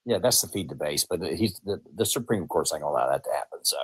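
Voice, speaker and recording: A man's voice: a bass voice, expressive, fast talker, slightly rough, poor audio. A man calling into a debate stream, argumentative and insistent. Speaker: guest caller. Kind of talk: debate chat.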